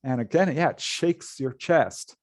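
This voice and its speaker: Lively middle-aged man telling a story. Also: medium pitch, measured pace, no room sound, studio quality. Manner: lively, laughs often while telling a tale. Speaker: guest, paranormal author. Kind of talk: animated storytelling in conversation.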